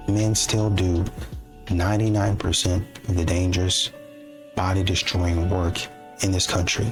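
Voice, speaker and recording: A man delivering indignant, emphatic commentary. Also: lowish voice.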